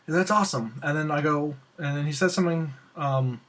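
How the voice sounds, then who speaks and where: A young man hosting a casual Q&A show, telling a rambling, excitable story and acting out the lines of the people in it. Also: fairly high pitch, fairly quick. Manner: excitable, rambling, acts out quoted dialogue. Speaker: host of a Q&A show.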